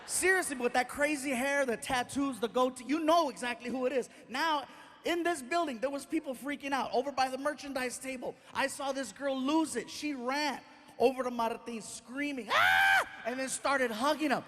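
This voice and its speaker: A man performing energetic live stand-up comedy on an arena stage, telling animated stories and often shouting to the audience. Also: extremely high pitch, moderate pace. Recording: live arena recording with loud crowd and noise. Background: cheering and laughing audience.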